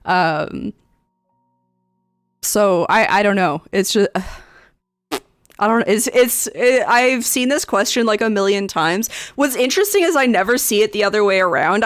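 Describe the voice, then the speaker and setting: Woman streamer, casual rambling chat, mid-range voice, dry close sound. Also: dry recording. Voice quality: voice neither very high nor very low. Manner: rambling, many fillers and restarts. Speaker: streamer and game master. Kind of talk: casual chat reading forum posts aloud.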